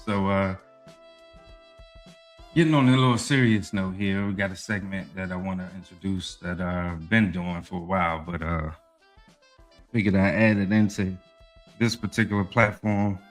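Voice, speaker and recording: A man with a lowish voice hosts a laid-back sports podcast, ranting with lots of cursing. He keeps tossing in "you know what I mean" as he talks. Soft music plays faintly behind him. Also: moderate pace, pauses often. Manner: animated, profane, heavy use of "you know what I mean". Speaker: podcast host. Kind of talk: casual sports podcast talk and rant.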